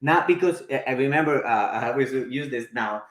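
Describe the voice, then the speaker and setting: A man's voice: medium pitch, expressive, a little fast, roomy sound. A man in his forties teaching a live workshop, chatty, often checking in with his listeners. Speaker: marketing instructor.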